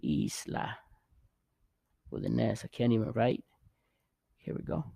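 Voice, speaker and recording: Slow gravelly man teaching vowels. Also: mid-range voice, steady tone, dark tone, no echo. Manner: patient, encouraging, repeats words slowly. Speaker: Spanish teacher. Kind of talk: casual spoken lesson.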